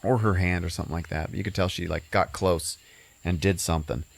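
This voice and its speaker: A man's voice: deep voice, fast, creaky. A man hosting a podcast, casually recapping a film in a rambling way with the odd swear. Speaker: podcast host.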